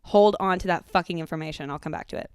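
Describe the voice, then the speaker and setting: A woman, hosting a podcast and telling a profane, animated story in casual chat. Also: on the low side, fast talker, smooth, dry recording, studio quality. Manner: animated, profane, acts out quotes. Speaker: podcast host.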